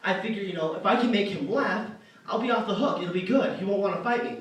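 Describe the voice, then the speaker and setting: This young stand-up comedian's voice sits high, a bit bright, at a quick pace. Heard distantly in an echoey arts center hall, he tells a meandering, self-deprecating story full of fillers and restarts.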